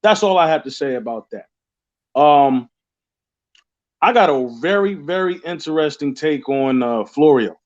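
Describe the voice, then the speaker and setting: High-voiced man rambling over muffled audio. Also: expressive, a little slow. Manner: rambling, repeats words and restarts often. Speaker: caller. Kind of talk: casual call-in chat.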